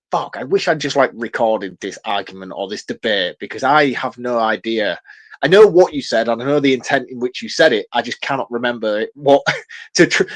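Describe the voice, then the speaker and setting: A middle-aged man co-hosting a podcast, chatting casually about a film and telling relaxed stories with frequent chuckles. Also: mid-range voice. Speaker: podcast co-host. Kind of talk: casual film review chat.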